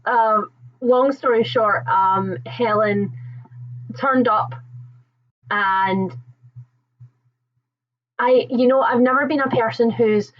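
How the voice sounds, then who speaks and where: A woman's voice: a little high, takes it slowly, pauses often. Chatty young woman rambling on a livestream, laughs a lot, kinda dull lo-fi mic. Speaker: livestream host. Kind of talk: casual live chat with viewers.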